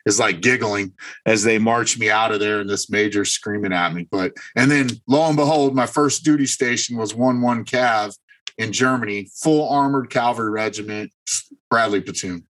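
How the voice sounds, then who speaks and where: A man's voice: on the low side, normal speed, fairly bright tone, rough recording. A middle-aged man and Army veteran, a podcast guest telling long rambling anecdotes, full of fillers and restarts. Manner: rambling anecdotes with filler words and self-corrections. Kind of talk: casual storytelling.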